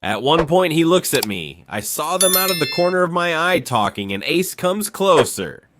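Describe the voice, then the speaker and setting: A man narrating a funny school story in a lively storytelling manner, slipping into quick voices for the people he quotes. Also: a little high, noisy background.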